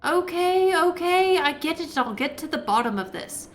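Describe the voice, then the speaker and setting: A woman voicing a brisk young witch, matter-of-fact and a little exasperated. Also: very high voice, expressive, slight background noise, pitched above the performer's own voice. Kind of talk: reading game dialogue aloud.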